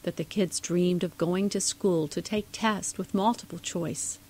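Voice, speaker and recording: A woman's voice: fairly low pitch, fairly even intonation, a little slow, darkish tone, slight background noise, poor audio. A woman narrating a rhyming storybook poem in a sing-song delivery.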